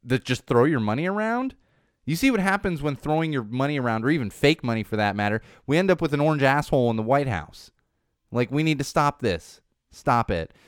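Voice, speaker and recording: A man's voice: mid-range voice, animated, brisk, clear, resonant tone, no echo. A man hosting a casual entertainment news chat in a studio, rambling and correcting himself, with sarcastic asides. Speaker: podcast host. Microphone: studio microphone.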